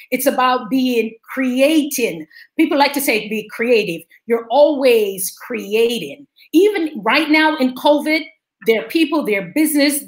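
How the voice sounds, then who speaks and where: A woman with a light Jamaican accent, an energetic business coach speaking emphatically in a video-call interview. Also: fairly high pitch. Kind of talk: interview conversation.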